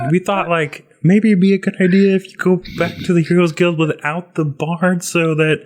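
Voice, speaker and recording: A man's voice: high-pitched, fairly even intonation, moderate pace, pitched above the performer's own voice, natural voice. A man voicing a young male ruffian with a Muppet-like voice who rambles with lots of "like". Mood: friendly concern. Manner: rambling, peppered with "like".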